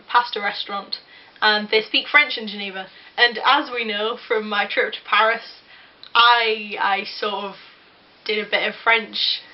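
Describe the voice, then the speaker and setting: A woman's voice: mid-range voice, muffled recording. A young woman with an English accent, casually telling a self-deprecating story to camera with frequent restarts. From England. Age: young adult. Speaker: vlogger.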